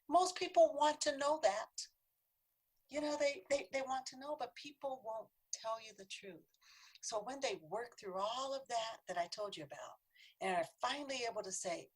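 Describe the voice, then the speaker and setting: A woman's voice: fairly high pitch, animated, moderate pace, slightly rough. A woman giving an earnest, conversational training talk to a city council, sometimes dropping to a whisper for emphasis. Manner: earnest, conversational, acts out quoted voices, drops to a whisper for emphasis. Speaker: workshop presenter.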